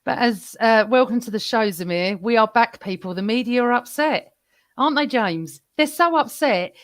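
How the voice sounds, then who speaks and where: A woman's voice: a little high, normal speed. A woman hosting a casual football podcast, gleeful and teasing. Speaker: podcast host.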